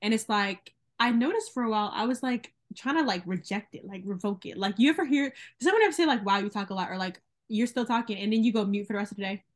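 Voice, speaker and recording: Fast-talking young woman from the South. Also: mid-range voice, lively intonation. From American South. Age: young adult. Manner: fast-talking, loud, emphatic. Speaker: podcast co-host. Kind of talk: casual chat.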